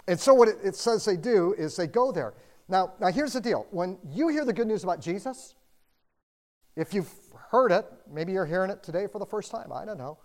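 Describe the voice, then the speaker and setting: A middle-aged pastor preaching a sermon to a room of listeners, in a casual style full of "like" and "you know", swinging between loud bursts and hushed asides. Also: medium pitch. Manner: conversational, dotted with "like" and "you know". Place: room with a congregation.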